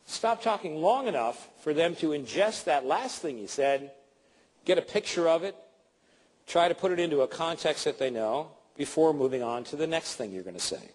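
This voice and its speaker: A middle-aged man teaches presentation skills in a live seminar, playfully acting out examples for the audience in an animated way. His voice is on the high side and he talks at normal speed.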